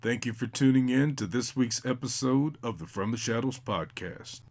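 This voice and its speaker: A man giving the closing sign-off of a podcast in a deliberate, drawn-out way. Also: mid-range voice, darkish tone, no echo. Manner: deliberate, drawn-out outro delivery. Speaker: podcast host. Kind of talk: show sign-off.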